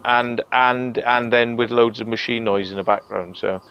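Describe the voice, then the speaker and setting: A man's voice: medium pitch, steady tone, moderate pace, clear, resonant tone. Guy ranting and swearing on a chat stream, dull muffled sound. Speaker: host. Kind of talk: casual chat. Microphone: online call.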